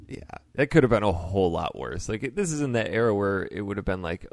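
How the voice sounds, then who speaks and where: Laid-back male podcast host, lowish, lively voice, dry sound. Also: fast, no room sound. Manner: laid-back, laughs often. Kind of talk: casual chat and storytelling.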